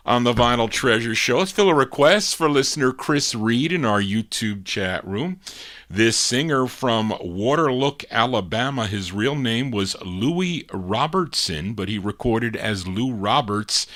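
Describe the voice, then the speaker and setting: A man hosts a record show live, talking in an easygoing way between songs. His voice sits at an ordinary middle pitch. He fills the gaps with song details and dedications for listeners. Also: a bit bright.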